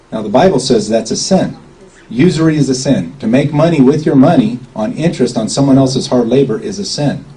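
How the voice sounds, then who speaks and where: A man's voice: mid-range voice, dark tone, poor audio. Folksy man lecturing a small crowd. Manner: folksy, rambling, checks in with "okay?". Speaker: speaker at a public gathering.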